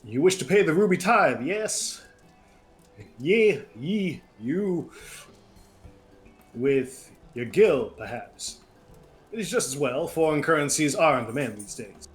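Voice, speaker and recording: A man's voice: on the high side, expressive, slow pace, long pauses, soft background music. A man voicing a scheming male pirate chief in a thick put-on accent, drawling and sly.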